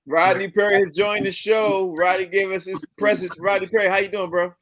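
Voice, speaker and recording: A man hosting a sports talk show, brisk as he passes turns around. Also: sits high, flat delivery, crowd noise. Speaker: host.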